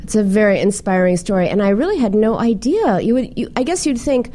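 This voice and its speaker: A woman's voice: medium pitch, normal speed, hardly any pauses. Chatty woman hosting an interview. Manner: chatty, animated storyteller. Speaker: show host. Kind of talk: casual interview on a call.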